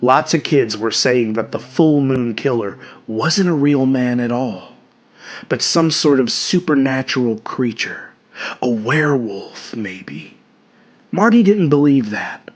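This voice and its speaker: A man hosting a podcast, reading a story aloud with expressive delivery that drops soft on dark lines. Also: medium pitch, slow pace.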